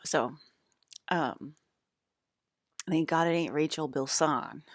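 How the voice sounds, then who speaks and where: A woman's voice: sits low, slow, no echo. A woman talking straight to her viewers in a loose, rambling monologue, swearing freely and laughing often. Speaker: vlogger.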